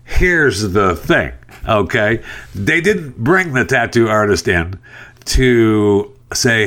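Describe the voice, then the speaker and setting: Low-voiced man, animated and exasperated. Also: slow. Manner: rambling with restarts and fillers. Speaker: podcast host. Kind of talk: casual opinion talk.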